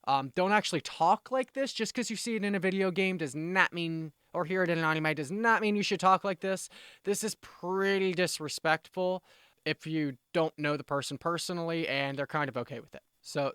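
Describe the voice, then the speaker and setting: Man, casual language lesson, smooth clear voice, fairly high, dry close sound, explanatory and self-correcting. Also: normal speed, fairly bright tone, no room sound. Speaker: language teacher.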